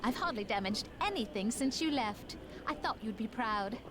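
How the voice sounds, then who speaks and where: A woman voicing a gentle, unlucky young priestess in a video game, earnest and quiet, with noise in the background. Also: fairly high pitch, expressive, moderate pace, lightly acted. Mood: tender. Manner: soft-spoken and earnest.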